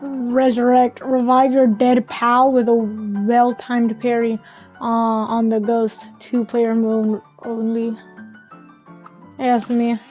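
A woman's voice: a little high, level tone, takes it slowly, darkish tone, soft background music, low-quality recording. A woman gamer reading a game's storybook intro and tutorial aloud, with wry asides.

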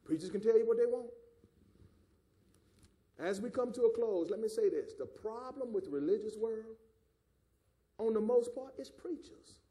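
A man with a Southern American accent preaches in a strikingly high voice. His sermon runs fiery, rising into shouts and drawing call-and-response. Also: animated, normal speed, pauses often. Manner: Southern preacher cadence with calls of "my God" and "do you understand". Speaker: pastor.

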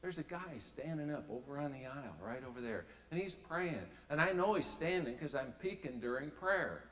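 Bright-voiced man telling a sermon story. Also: a little high, normal speed. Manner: folksy, animated storytelling with big swings in loudness. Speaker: speaker. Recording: reverberant hall.

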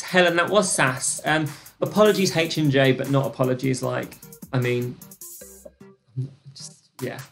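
A young British woman hosting a live-streamed trivia quiz, chatty and gossipy, with excited gasps and lots of fillers. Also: sits low. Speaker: quiz host.

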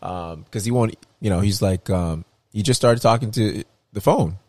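A man's voice: on the low side, moderate pace, darkish tone, no room sound. A man in his thirties co-hosting a podcast, telling stories in casual chat and mimicking people in raised voices. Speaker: podcast co-host.

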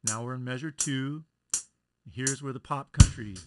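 This male music teacher talks through his lesson on a screen recording without rushing, his voice sitting at medium pitch. Counting beats aloud, he stops now and then to correct himself.

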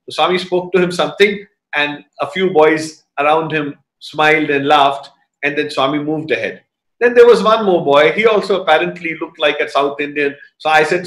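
A middle-aged man shares a devotional memory in a reflective, storytelling manner, his voice sitting a little higher than most men's. It has a roomy, echoing sound around it. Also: moderate pace. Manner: storytelling, reflective, gently animated. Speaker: satsang speaker. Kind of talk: devotional talk, personal reminiscence. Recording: roomy echo.

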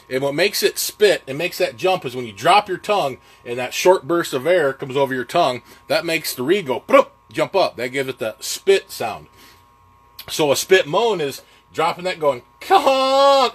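A man's voice: on the high side, lively intonation, normal speed, slightly rough. A man giving a casual lesson on goose calling, plainspoken and folksy, with plenty of filler words. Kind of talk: casual instructional talk.

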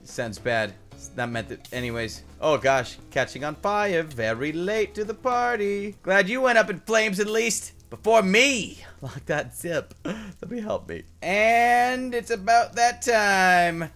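A woman's voice: medium pitch, lively intonation, a little slow, few pauses, a bit bright, soft background music. A woman giving sarcastic, exasperated commentary on her Minecraft game and complaining to her partner. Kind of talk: scripted gameplay commentary with a partner.

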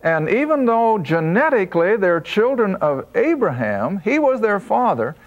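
A man teaching a Bible study lesson, emphatic and slowing down to stress key points. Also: sits high, very animated, lo-fi sound.

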